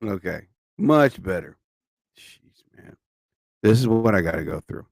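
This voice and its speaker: A man's voice: sits low, expressive, a little slow, gravelly, darkish tone, no echo. Sleepy rambling man on a dry mic. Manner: rambling, chatty, exclaims "oh my God" often. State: sleepy, tired. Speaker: live show host. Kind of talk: casual live-stream chat. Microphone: studio mic.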